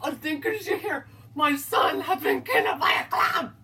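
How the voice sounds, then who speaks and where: A young woman puts on a panicked father in a spooky storytime tale, high and bright-toned, crying out for help. The voice sits a little off from the mic, with a faint hum behind it. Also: lively intonation, unhurried, exaggerated voice. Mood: frantic. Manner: frantic shouting. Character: panicked father whose son was taken. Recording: distant mic, faint background noise.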